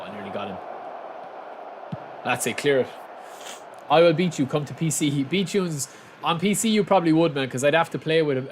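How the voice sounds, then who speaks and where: Irish male game streamer, casual and chatty, mid-range voice, slight background hum. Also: medium pitch. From south of Ireland. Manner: chatty, bursts into excited shouts. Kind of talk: casual gameplay commentary.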